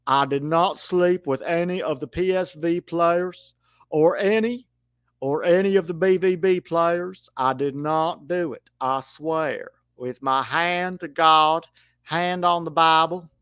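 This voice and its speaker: A raspy, older Southern politician, as a man puts him on, drawing out his words in slow, pleading protest. The voice rings bright and sits high for a man. The sound is close and dry. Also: steady tone, no echo, dull audio. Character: male American ex-president, older, folksy, denying everything.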